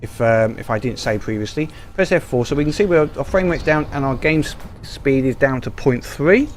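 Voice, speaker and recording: A man's voice: medium pitch, moderate pace, a little hiss or hum. A man giving casual, rambling gameplay commentary full of ums and restarts, recorded over a screen capture. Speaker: gaming YouTuber.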